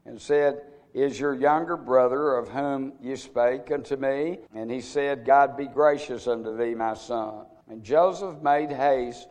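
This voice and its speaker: A man's voice: mid-range voice, a little mellow. A man preaching a radio Bible sermon, reading scripture aloud and then explaining it in plain, folksy asides.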